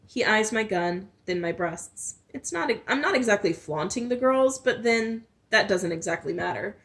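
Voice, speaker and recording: A woman's voice: mid-range voice, animated, moderate pace, fairly bright tone. A woman reading a novel aloud in first person, with small slips and restarts. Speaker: storyteller.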